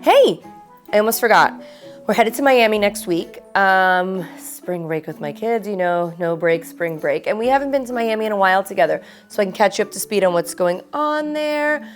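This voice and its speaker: A woman's voice: mid-range voice, animated, normal speed, soft background music. A woman hosting a parody reality-show vlog, griping about her neighbors in a sarcastic, mock-diva way. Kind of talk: casual confessional chat.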